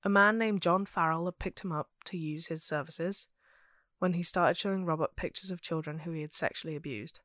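A woman with a London accent, co-hosting a podcast and telling a true crime case in a steady, matter-of-fact way with dry asides. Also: on the low side, brisk, dry recording. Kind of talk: casual chat reading out researched notes.

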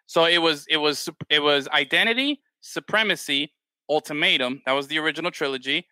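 A man co-hosting a casual chat, talking in an animated, rambling way with plenty of swearing. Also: on the high side, a little fast, smooth, no echo. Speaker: podcast co-host.

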